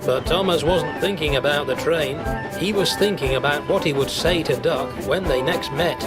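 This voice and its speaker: A man narrates a children's railway story, expressive and measured, his voice sitting a little high. Loud music plays behind him throughout.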